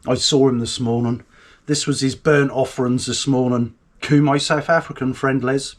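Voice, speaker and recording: A man's voice: mid-range voice, fairly even intonation, moderate pace, a little hiss or hum. A man hosting a live stream, rambling and swearing indignantly about politics. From United Kingdom. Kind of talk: casual ranting commentary.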